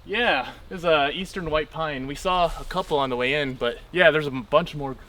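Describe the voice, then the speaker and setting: On a forest hiking trail, a man with a slightly high, bright, forceful voice chats casually at normal speed, enthusiastically explaining the plants he spots and laughing often. The clip was captured outdoors on a camera mic.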